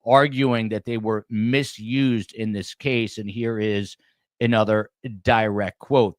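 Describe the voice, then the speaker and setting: A man's voice: fairly low pitch, steady tone, slow pace, no room sound, clean studio sound. A man hosting a true crime show, giving commentary as he reads out quotes and adds his own asides. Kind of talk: commentary on a court case.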